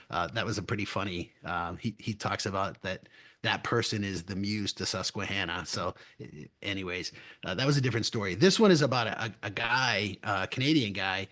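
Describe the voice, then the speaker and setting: A man's voice: fairly low pitch, a bit bright. A middle-aged man co-hosting a trading podcast, telling rambling anecdotes in casual chat with frequent restarts and chuckles. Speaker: podcast co-host.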